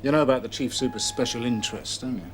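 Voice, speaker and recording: An actor playing a brisk, demanding male police chief who gives curt, sarcastic orders in a 1990 TV police drama. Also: mid-range voice, a little hiss or hum, close to an everyday voice. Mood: impatient. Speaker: senior police officer.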